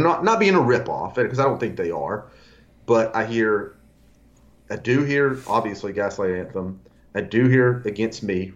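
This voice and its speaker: Low-pitched guy rambling about a band he loves, casual podcast chat, kinda dull lo-fi sound. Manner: rambling, restarts, enthusiastic recommendations. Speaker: podcast co-host.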